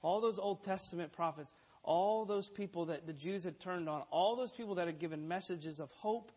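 High-voiced emphatic man preaching. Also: normal speed, darkish tone. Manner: emphatic, numbered points, quotes scripture aloud. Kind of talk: sermon.

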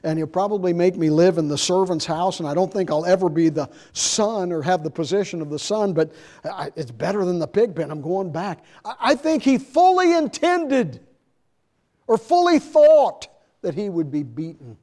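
A man's voice: lively intonation, moderate pace. Man preaching with swings in volume. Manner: shifts from soft confiding asides to loud, high-pitched emphasis. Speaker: pastor. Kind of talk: sermon.

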